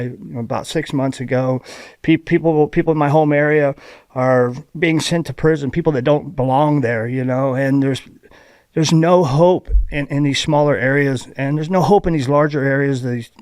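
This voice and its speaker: A man from Ohio speaking as a podcast guest, telling his recovery story in a halting, heartfelt way with many restarts. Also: mid-range voice, darkish tone, smooth, dry recording. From Ohio, USA. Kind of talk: candid personal recovery story.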